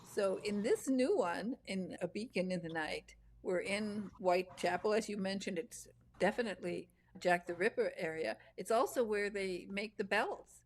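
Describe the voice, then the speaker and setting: A woman's voice: medium pitch, moderate pace. A woman hosting an interview, chatting casually and laughing through rambling anecdotes. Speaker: podcast host.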